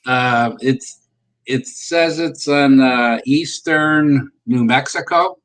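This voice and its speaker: Brief: male co-host, slow-talking and halting, passing along what he read. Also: medium pitch, fairly bright tone, poor audio. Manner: hesitant, relaying claims with fillers. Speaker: podcast co-host. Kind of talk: casual podcast chat.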